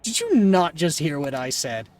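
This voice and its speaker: A man's voice: fairly high pitch, huge pitch swings, moderate pace, darkish tone, faint music behind. A man voicing a stern, formal woman who speaks in a stiff, serious way.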